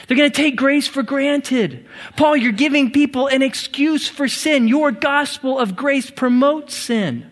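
A high, strained voice of a worried man pleading and objecting, as a preacher puts him on. He pushes his words hard and urgently, lifting well above his usual pitch. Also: unhurried. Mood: alarmed protest. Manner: agitated, pleading, raised voice. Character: anxious man protesting, fearing grace will be abused.

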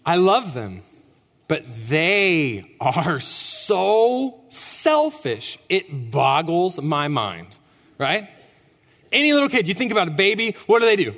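A man's voice: high-pitched, slow. A young man preaching a sermon in a church, emphatic and conversational, often asking "right?". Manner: animated, emphatic, rhetorical "right?". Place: church sanctuary. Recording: long church reverb.

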